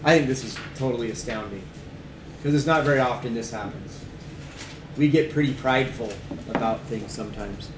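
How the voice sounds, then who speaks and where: A man teaches a conversational Bible study, reading verses aloud and emphatically asking the group questions. His medium-pitched voice moves fairly quickly, and the echoey room carries a faint background hum.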